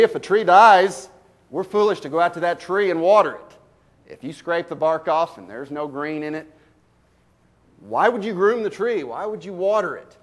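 Emphatic preacher man. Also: high-pitched. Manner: preaching with sudden loud bursts and slow emphatic drops; folksy storytelling, rhetorical questions to the congregation. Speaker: pastor. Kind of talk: sermon.

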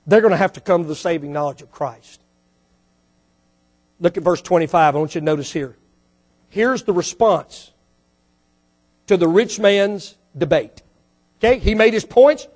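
Delivering a sermon, a pastor with a very high voice speaks fairly quickly with lively intonation. He piles on rhetorical questions, rises to fervent climaxes, and frequently repeats words or restarts phrases.

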